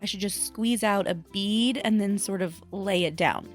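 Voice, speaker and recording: A woman crafter talking casually to her viewers in a chatty, self-deprecating way, thinking out loud as she works. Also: medium pitch, moderate pace, soft background music. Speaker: craft vlogger. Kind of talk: casual voice-over vlog.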